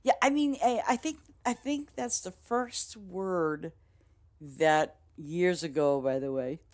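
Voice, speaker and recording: A woman's voice: fairly low pitch, takes it slowly, a little mellow. A woman with a Boston accent chatting casually with her stream viewers in a rambling, easygoing way, laughing often. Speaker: game streamer.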